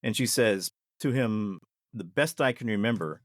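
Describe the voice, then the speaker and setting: A man's voice: on the low side, expressive, dry recording, studio quality. Earnest man telling an eerie story. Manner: deliberate, earnest storyteller who takes his time. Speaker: podcast guest, former ER nurse. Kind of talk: recounting a paranormal experience.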